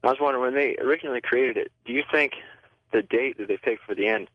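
A man's voice: mid-range voice, fast talker, no echo. A man calling in to a radio show to ask the host a long, earnest question. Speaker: caller. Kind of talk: phone call to a radio show. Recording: muffled phone line.

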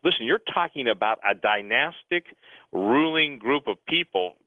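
A man's voice: mid-range voice, expressive, normal speed, no echo. A man talking at length as a guest on talk radio, rambling and urgent, often restarting his sentences. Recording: phone-line radio sound, dry.

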